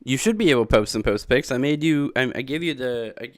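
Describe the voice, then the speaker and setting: A man's voice: medium pitch, fast talker, dry recording, studio quality. A man chatting casually on a livestream, rambling and laughing often from a small room. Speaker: streamer.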